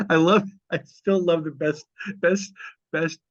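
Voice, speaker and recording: A man's voice: a little high, steady tone, slow, dry recording, muffled recording. A man hosting a casual podcast, rambling and self-deprecating, laughing often. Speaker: podcast host. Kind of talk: casual chat.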